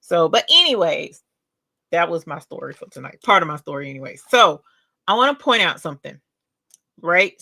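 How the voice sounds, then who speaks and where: An older woman chats through a casual live craft demo. She tells her stories in an animated, talkative way, full of asides and questions to her viewers. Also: fairly low pitch, moderate pace, creaky, poor audio. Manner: animated, chatty storyteller. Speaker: rhinestone crafter hosting a live stream.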